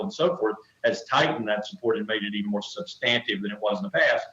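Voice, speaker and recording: Older male guest, emphatic and measured, repeating phrases for stress; muffled, echoey remote feed. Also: mid-range voice, fairly bright tone. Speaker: interview guest, retired colonel. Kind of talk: remote news interview.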